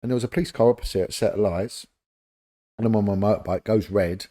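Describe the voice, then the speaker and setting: A middle-aged man, telling lively stories as an interview guest and acting out the dialogue. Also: fairly low pitch, fast talker. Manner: animated anecdote-telling, acts out quoted dialogue. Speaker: interview guest, former police officer. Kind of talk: casual storytelling.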